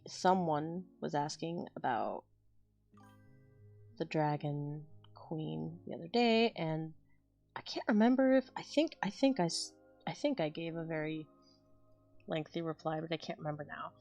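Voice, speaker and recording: Brief: woman with a slightly low voice, chatting loosely with her viewers as she draws. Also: creaky, a little mellow. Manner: rambling, self-deprecating, chats with viewers. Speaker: artist streaming her drawing. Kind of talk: casual chat while drawing.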